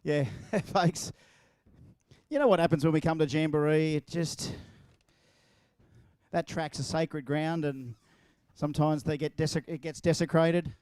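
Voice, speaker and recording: An Australian man emceeing at an outdoor racetrack, joking and teasing the crowd. His voice sits fairly high, and the sound is dry and close. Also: fairly even intonation, a little slow, a little mellow, clear, resonant tone, no room sound. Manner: jokey, playful, teasing. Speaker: event MC. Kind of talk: crowd banter at a live event. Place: outdoor drag racing track.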